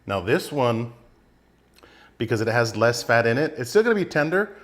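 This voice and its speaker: A man's voice: mid-range voice, normal speed. Chatty man hosting a barbecue video. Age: middle-aged. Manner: relaxed, chatty, talks while tasting food. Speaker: barbecue channel host. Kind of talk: casual cooking demonstration.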